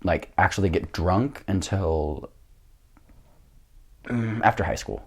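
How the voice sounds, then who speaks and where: Grainy-voiced young man, low and rambling. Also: slow pace. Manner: rambling storyteller, many fillers and laughs. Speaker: guest, jiu-jitsu coach. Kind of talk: casual podcast chat.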